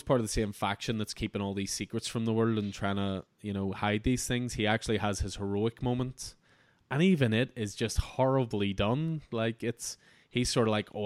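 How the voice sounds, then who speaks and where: A man's voice: lowish voice, dry recording. A man hosting a comic book podcast, talking through an issue in an enthusiastic, rambling way with frequent restarts. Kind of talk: casual review chat.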